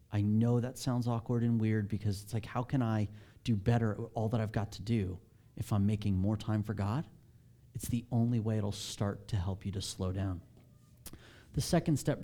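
A man's voice: fairly low pitch, dark tone. A man, a pastor with children, giving a candid, self-deprecating, conversational sermon.

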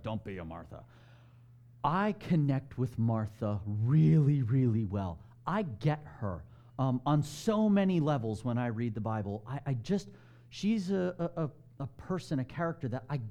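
A man's voice: mid-range voice, dark tone. A man preaching a sermon in a conversational way, asking his congregation questions. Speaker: pastor.

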